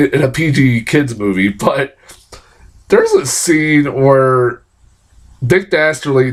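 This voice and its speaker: A man reviewing a film in a casual, profane, exasperated rant. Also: medium pitch. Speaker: movie reviewer.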